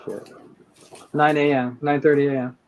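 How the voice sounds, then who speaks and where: A man's voice: on the high side, little pitch movement, moderate pace. A man chatting on a stream voice call, hesitant and unsure, with filler words. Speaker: guest on a stream voice chat. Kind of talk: casual chat. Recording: dull lo-fi voice chat with faint clicks.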